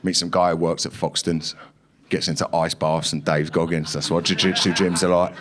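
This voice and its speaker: Brash young stand-up comic. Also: male voice, low-pitched, little pitch movement, normal speed, a crowd in the background. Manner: brash, swearing, acts out others in raised voices. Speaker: stand-up comedian. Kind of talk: stand-up comedy set. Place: comedy club stage.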